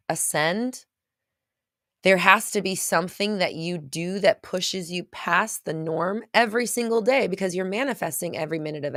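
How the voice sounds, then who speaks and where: A woman's voice: lowish voice, no room sound, studio quality. A woman host talking casually to a live chat, rambling with many restarts and at times getting choked up. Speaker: podcast host.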